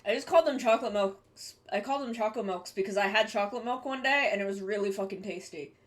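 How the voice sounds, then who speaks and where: A woman's voice: mid-range voice, quick pace. A young woman streaming live, chatting casually with her viewers while she draws, rambling and swearing offhandedly.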